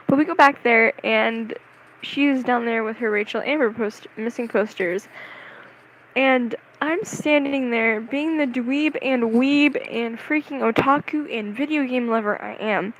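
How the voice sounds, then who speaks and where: Excitable rambling woman vlogger. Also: a little high, unhurried, a little hiss or hum, low-quality recording. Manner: rambling, excitable, self-mocking. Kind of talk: casual storytelling to camera.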